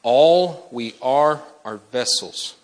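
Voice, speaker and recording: A man's voice: mid-range voice, slow pace. A man preaching an impassioned sermon, urgently pressing the listeners and breaking into acted-out dialogue.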